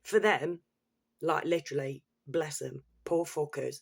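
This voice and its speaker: Gravelly, sweary woman ranting. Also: low-pitched, fairly even intonation, unhurried. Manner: blunt, sweary, exasperated. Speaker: commentator. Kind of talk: casual ranting monologue.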